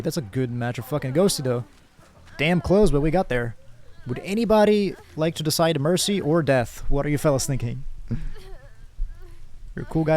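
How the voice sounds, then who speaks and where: A man's voice: on the high side, a little mellow. A young man from Brazil streaming a game, chatting casually with viewers, thanking them by name and rambling with fillers and laughs.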